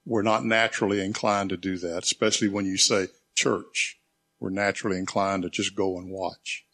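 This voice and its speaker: A man leading a church small group, teaching in a conversational way, reading scripture slowly and reflectively, and inviting questions. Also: low voice, level tone, bright, forceful tone.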